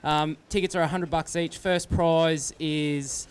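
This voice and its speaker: Easygoing angler, faint noise. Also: male voice, on the high side, steady tone, unhurried. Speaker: tournament angler. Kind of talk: casual chat at a weigh-in. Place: outdoor fishing weigh-in.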